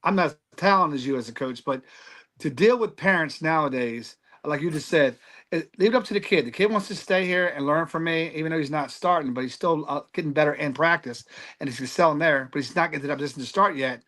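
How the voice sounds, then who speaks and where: Tough-talking older man, slightly high voice. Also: fast, fairly bright tone. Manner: tough-talking storyteller, loose and salty. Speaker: podcast host. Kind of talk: casual podcast chat.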